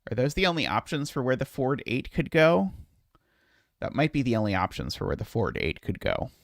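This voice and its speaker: A man streaming a puzzle solve, thinking aloud in a hesitant, muttering way with many filler pauses. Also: mid-range voice, big pitch swings, no echo, studio quality.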